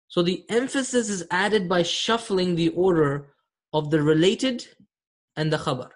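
A man with a high voice teaches an online grammar class. He speaks patiently, repeats key terms and often checks that his students follow. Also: measured pace.

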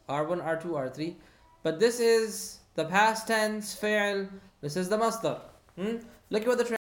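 A patient teacher giving an online grammar lesson, often pausing to ask "hmm?" and repeating key phrases. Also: medium pitch. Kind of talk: online Arabic grammar lesson, reading student comments. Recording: roomy echo.

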